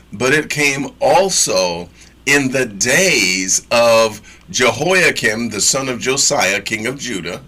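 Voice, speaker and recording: A man's voice: medium pitch, sharp tone. A man teaching from scripture in a casual sermon, reading verses aloud and breaking in with slangy, emphatic asides and repeated phrases.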